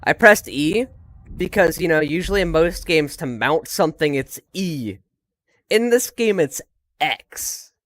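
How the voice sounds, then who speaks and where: A man giving live commentary on a game he is streaming, frustrated and ranting in quick bursts. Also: fairly high pitch, expressive, a bit bright, dry recording.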